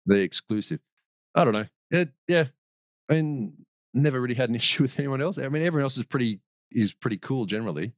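A man's voice: mid-range voice, animated, quick pace, no echo, clean studio sound. A man as a podcast guest, telling a long story in a rambling way, with restarts and laughs. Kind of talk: casual storytelling.

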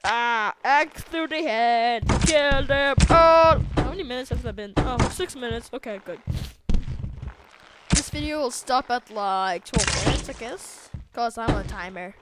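Woman, game commentary, high voice, unhurried, loud background noise. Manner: excitable, yells at the game, trails off into mumbles. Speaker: let's play gamer.

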